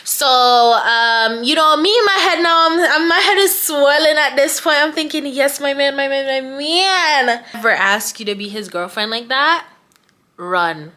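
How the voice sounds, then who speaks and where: Chatty young woman with a bright voice. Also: high-pitched, normal speed. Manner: chatty, slangy, animated asides. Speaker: storyteller. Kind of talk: casual storytime.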